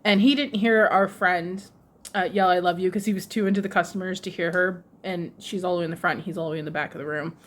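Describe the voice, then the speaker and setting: A woman vlogger telling a casual story in an animated way, laughing often and acting out other people's lines. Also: on the low side, quick pace. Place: lives in Japan, runs a shop with her husband.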